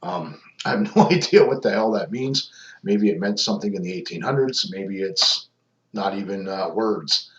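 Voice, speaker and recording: A man's voice: fairly low pitch, animated, normal speed. A man who investigates hauntings talks casually through footage, rambling with lots of ums and restarts. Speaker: paranormal investigator. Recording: echoey, dull lo-fi sound.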